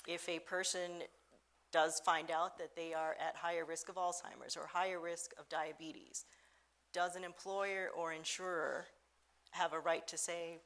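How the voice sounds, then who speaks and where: A woman's voice: on the low side, level tone, measured pace, fairly bright tone. A woman moderating a discussion panel, putting probing questions to the speakers.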